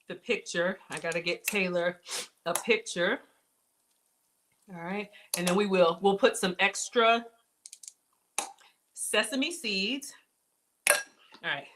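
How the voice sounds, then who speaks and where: A woman hosting a casual cooking demonstration, chatty and excitable, talking straight to her viewers as she builds a snack. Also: medium pitch, a little hiss or hum. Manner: bubbly, excitable, chatty, addresses viewers as y'all. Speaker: cooking show host.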